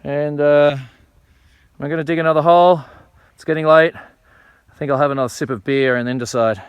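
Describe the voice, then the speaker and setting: A man's voice: a little high, moderate pace, clear, resonant tone, no echo, dull audio. A man chatting casually as he explains his work outdoors in a vlog. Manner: relaxed, chatty explaining while working outdoors. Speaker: vlogger planting trees. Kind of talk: casual show-and-tell vlog. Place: outdoors on hilly rural land.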